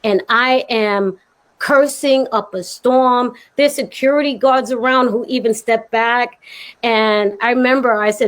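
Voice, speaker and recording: Woman, kinda high voice, tells a story all expressive with laughs. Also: measured pace. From Brooklyn. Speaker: guest, actress. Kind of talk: animated anecdote in conversation.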